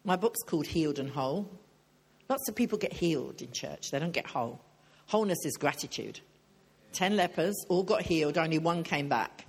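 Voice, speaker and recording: A woman's voice: sits low, animated, normal speed, breathy edge. Chatty older woman preaching a sermon. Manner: chatty, joking, questions the audience.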